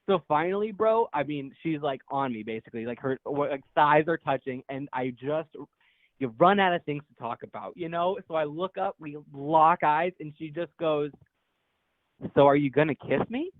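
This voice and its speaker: A man's voice: fairly high pitch, normal speed, dry recording. Young man on a tinny phone line. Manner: profane, rambling, laughs through his story. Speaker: caller. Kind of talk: casual storytelling.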